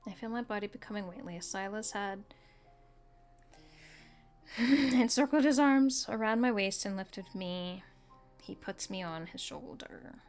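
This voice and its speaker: A woman streaming a video game, reading its story text aloud in a soft, level voice. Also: mid-range voice, measured pace, pauses often, faint music behind. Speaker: gaming streamer.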